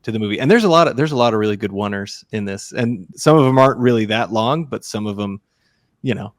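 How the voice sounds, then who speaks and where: A man's voice: fairly low pitch, lively intonation, dry recording. Dry-sounding man on a movie podcast. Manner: enthusiastic, quick agreeing interjections. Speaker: podcast co-host. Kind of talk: casual film discussion.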